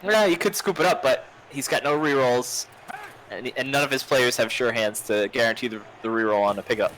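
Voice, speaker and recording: A man's voice: mid-range voice, fairly quick, fairly bright tone, poor audio. Easygoing guy doing casual game commentary, laughs a lot, faint hiss under it. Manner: laid-back, chuckling, cautious.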